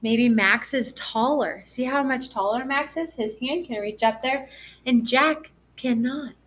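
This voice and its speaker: Her voice sits high and moves a little slowly as she gently teaches first graders in a recorded reading lesson. She keeps asking the class encouraging questions.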